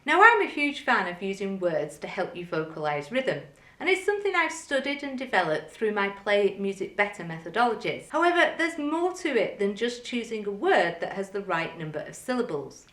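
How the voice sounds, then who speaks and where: A woman teaching music, explaining things clearly and methodically and counting rhythms aloud. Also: mid-range voice, big pitch swings, moderate pace, a bit bright, echoey room. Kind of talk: instructional video lesson.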